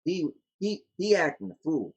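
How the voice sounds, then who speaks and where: A man's voice: fairly high pitch, very animated, moderate pace, husky, muffled recording. A man co-hosting a casual podcast, bantering in a laid-back, slangy way. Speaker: podcast co-host.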